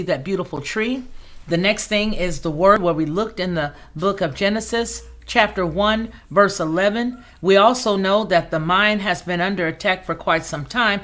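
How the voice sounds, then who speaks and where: A woman's voice: lowish voice, fairly bright tone. A woman hosting a casual livestream, chatting and reading viewer comments aloud in an outspoken, conversational way. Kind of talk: casual live-chat talk.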